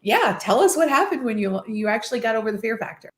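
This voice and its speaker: A woman's voice: a little high, big pitch swings, quick pace. A woman hosting a live show, talking casually and encouragingly with her guest. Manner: encouraging, upbeat. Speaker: podcast host. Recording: echoey room sound.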